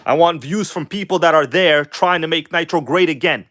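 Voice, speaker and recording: A man hosting a casual livestream while working on a model engine, chatting with viewers and shifting between an animated showman tone and quiet mumbled asides. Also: a little high, a little fast, hardly any pauses, dry recording. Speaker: livestream host.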